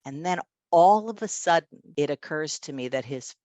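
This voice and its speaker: A woman's voice: low voice, animated, normal speed, dark tone, dry recording. A woman in her fifties, a guest, telling a personal story in an emphatic, conversational way and often checking in with her listener.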